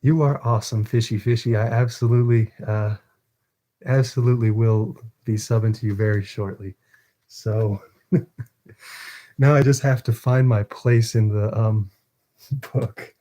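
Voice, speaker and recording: A man's voice: fairly low pitch, steady tone, unhurried, pauses often, mellow. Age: adult. Style: chatty man streaming a book reading. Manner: laughs often, chatty, stumbles over words. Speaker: livestream host reading a novel aloud. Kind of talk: casual live-stream chat and book reading.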